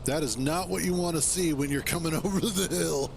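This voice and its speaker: A man streaming a game, chatting in a relaxed, rambling way and chuckling to himself as he plays. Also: on the high side, a little fast, creaky, background noise. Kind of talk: casual gameplay commentary.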